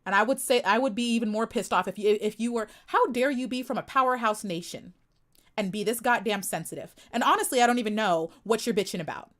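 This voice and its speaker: Young woman streamer from the US, slightly high-pitched, sharp and sassy, scolds her chat head-on. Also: fast. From United States. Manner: sassy, confrontational, emphatic repetition. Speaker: livestream host. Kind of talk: live stream chat commentary.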